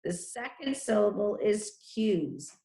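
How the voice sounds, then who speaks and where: Slow, deliberate woman teacher spelling aloud. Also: mid-range voice, sing-song, warm tone, roomy sound. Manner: slow, deliberate, sounding out letters and syllables. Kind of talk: spelling lesson to children.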